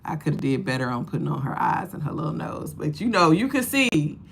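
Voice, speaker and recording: Lively gravelly-voiced woman livestreaming. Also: low-pitched, fairly quick, slight background noise. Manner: animated, laughs often, talks straight to viewers; preachy encouragement to the audience. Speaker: livestream host. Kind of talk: casual livestream chat.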